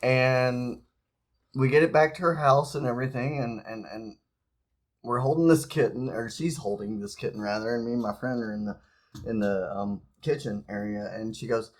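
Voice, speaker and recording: A woman with a low voice telling a story. She giggles as she goes and her delivery is halting. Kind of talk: casual storytelling.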